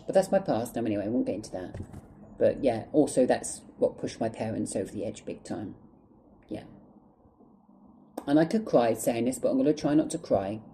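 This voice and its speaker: Sex: man. Style: storytime vlog. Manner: angry, swearing, on the verge of tears. Tone: very dark and mellow, faint background noise. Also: medium pitch, vocal fry, rough recording. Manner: angry, emotional, heavy swearing. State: close to tears. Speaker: vlogger.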